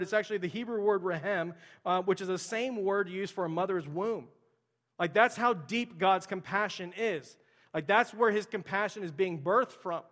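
A young male pastor with a high voice preaches in a relaxed, conversational way. He peppers his sermon with filler words and asks his congregation direct questions. His voice rings out with the long reverb of a big church hall.

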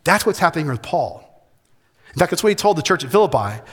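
A man preaching a sermon as pastor, emphatic, shifting between loud, urgent passages and soft, intimate ones. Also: a little high, big pitch swings, quick pace, breathy edge. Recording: hall reverb.

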